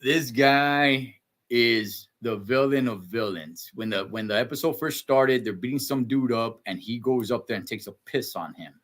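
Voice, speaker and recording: A man co-hosting a live TV recap, talking casually, animated and laughing often, trailing off mid-sentence. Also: medium pitch, moderate pace. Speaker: show co-host.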